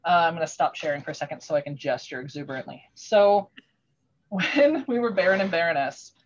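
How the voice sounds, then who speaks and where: A woman talking casually over a video call, her voice a little low for a woman and the audio muffled and lo-fi. She rambles through a story with lots of restarts and fillers, growing animated as she goes. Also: brisk. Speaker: craftsperson sharing her work on a video call.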